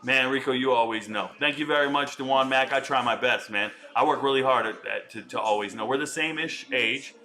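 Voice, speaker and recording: A man's voice: medium pitch, a little fast, few pauses, pushed and bright. A man in his forties chatting casually on a home live stream, riffing and answering viewer comments. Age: 40s.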